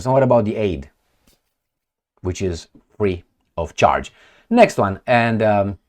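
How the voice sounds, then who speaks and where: Sarcastic man with a lively voice. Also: on the low side. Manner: sarcastic, crude, mocking. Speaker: news commentary host. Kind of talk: casual political commentary.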